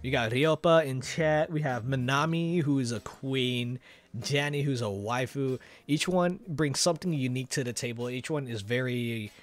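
A man chatting casually on a live stream, animated and giggly, rambling with restarts. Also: medium pitch, normal speed. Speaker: VTuber streamer.

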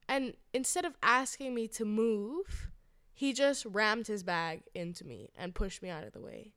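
A young woman co-hosting a podcast, telling stories in a casual, animated chat with quick asides and swearing. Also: medium pitch, clear, resonant tone, no echo, clean studio sound. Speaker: podcast co-host.

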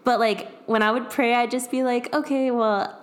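A woman's voice: on the high side, steady tone, normal speed. A young adult woman in casual chat, telling a personal story in a rambling way, full of fillers and laughs. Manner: rambling, lots of "like", laughs often.

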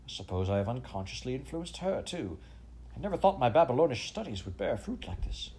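A man's voice: mid-range voice, big pitch swings, brisk, creaky, darkish tone, pitched above the performer's own voice. A man voicing a bewildered, uneasy older male scholar who speaks hesitantly.

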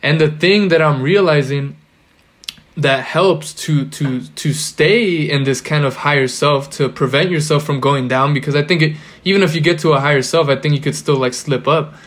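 Young man, casual chat, rambling, filler-heavy, slightly raised pitch. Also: moderate pace, a bit bright. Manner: rambling, heavy use of "like" fillers, loose slang and swearing. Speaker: podcast guest or co-host.

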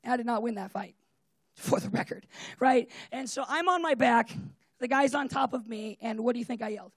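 A preacher giving a casual, conversational sermon with personal stories, talking in an animated way and leaning on "like" and "right?". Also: medium pitch, brisk, breathy edge, dry recording. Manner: animated, fillers of "like" and "right?", often laughs.

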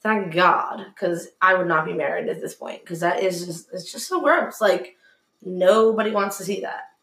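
A woman's voice: fairly low pitch, moderate pace, a bit bright, roomy sound. A woman in casual chat, blunt and sassy, swearing freely.

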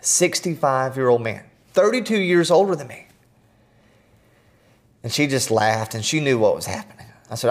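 A middle-aged man, a podcast guest, telling personal stories in an earnest, animated way with self-deprecating humor. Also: medium pitch, normal speed, pauses often. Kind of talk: storytelling in conversation.

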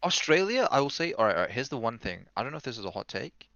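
A man's voice: mid-range voice, sing-song, quick pace, a bit bright, dry recording, lo-fi sound. A young man hosting a podcast in casual chat, joking and swearing a lot. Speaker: podcast host.

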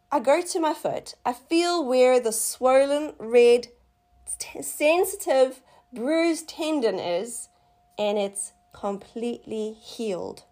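Excitable middle-aged lady gushing about her faith story, kinda high voice, keeps squealing "what?". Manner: excitable, animated, bursts into high exclamations. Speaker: faith podcast host. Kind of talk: casual testimony and devotional talk.

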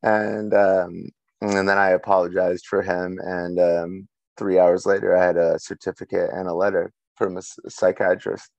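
Young male co-host, low voice, dry close sound, chatty storyteller who laughs a lot. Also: flat delivery, normal speed, creaky, darkish tone, dry recording, dull audio. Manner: laughs through a storytelling rant. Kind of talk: casual chat.

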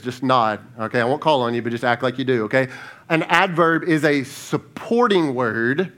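A lead pastor giving a sermon in a conversational style, asking the congregation rhetorical questions, often restarting and repeating words, and dropping to a hushed tone when he asks them to reflect. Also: medium pitch, normal speed.

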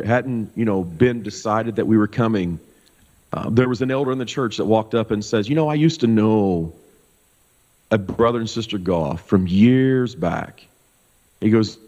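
A middle-aged pastor from Kansas telling a personal story in a loose, animated way, full of fillers. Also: male voice, fairly low pitch. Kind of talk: casual storytelling testimony. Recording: dull sound with long hall reverb.

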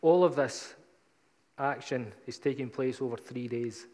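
A man gives a sermon in a mid-pitched voice, retelling the story in an easy, conversational way. The sound rings with a long reverb, as if in a large hall. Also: unhurried, darkish tone. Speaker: preacher.

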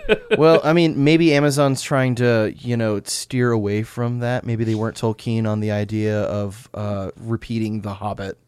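Male podcast co-host, giggly and relaxed, dry close sound. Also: on the low side, normal speed, clear, resonant tone, dry recording. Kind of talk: casual podcast chat.

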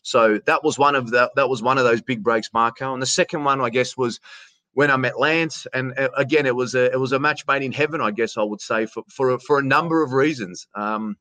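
A middle-aged Australian man in a casual interview, telling stories in a chatty, animated way and calling the host "mate". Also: mid-range voice, a little fast, dry recording. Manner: chatty, animated storyteller who says "mate" often. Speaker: interview guest, sports announcer.

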